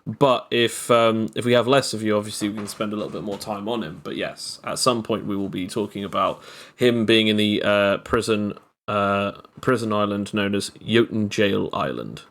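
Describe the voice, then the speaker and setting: A man's voice: lowish voice, moderate pace, fairly bright tone. A man hosting a podcast as game master, chatting casually in long, rambling explanations. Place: live-streamed podcast.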